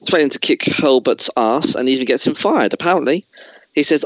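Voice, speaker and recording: A man hosts a casual chat in a medium-pitched voice. He rambles and digresses, often restarting his sentences. The recording is dry and close. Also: sing-song, brisk, creaky, pushed and bright, no echo, poor audio. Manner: chatty, digressive, many restarts. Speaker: podcast host.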